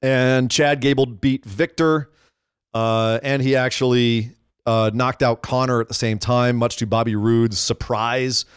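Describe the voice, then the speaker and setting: A man co-hosting a casual wrestling podcast, animated and opinionated. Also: medium pitch, clean tone, no echo, studio quality. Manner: animated, opinionated, quick to act out quotes. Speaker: podcast co-host.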